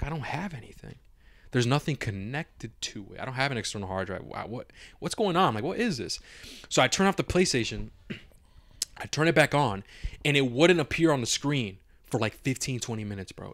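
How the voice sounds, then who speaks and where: A young man telling a story on a podcast, talking casually and swearing a lot. His voice sits at a middle pitch and gets animated as he acts out his own lines and his friend's. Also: moderate pace, no room sound. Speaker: podcast co-host.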